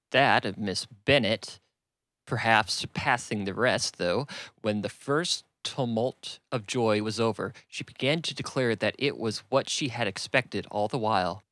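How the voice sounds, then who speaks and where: Guy reading an old novel aloud, even and measured, dry close mic. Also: fairly low pitch, dry recording. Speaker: audiobook reader.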